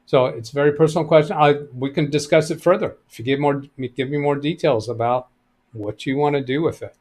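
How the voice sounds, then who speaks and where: A middle-aged man hosting a live stream, reading out viewer chat and answering computer questions in a relaxed, thinking-aloud way. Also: fairly high pitch, fairly quick.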